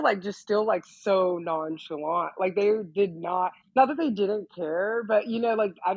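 Young woman rambling thru a story, like every other word, a bit husky, dull lo-fi sound. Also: mid-range voice, a little mellow, no echo. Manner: chatty, says "like" constantly, laughs often. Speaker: guest, nude model. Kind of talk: casual storytelling in a podcast interview.

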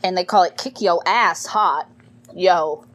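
A woman's voice: fairly low pitch, measured pace. A woman co-hosting a podcast, chatting casually and laughing through a food tasting with a studio mic. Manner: animated, laughing, swearing casually. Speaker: podcast co-host.

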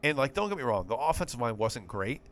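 A man's voice: mid-range voice, sing-song, fast talker. A man co-hosting a sports podcast, talking in a rambling, exasperated, profane way. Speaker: podcast co-host. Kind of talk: casual sports podcast chat.

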